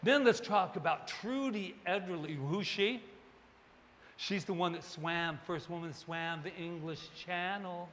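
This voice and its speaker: A man preaching a sermon as minister, animated and digressive, with joking asides to the congregation. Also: sits high, a little slow, long reverb tail, slight background noise. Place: church service hall.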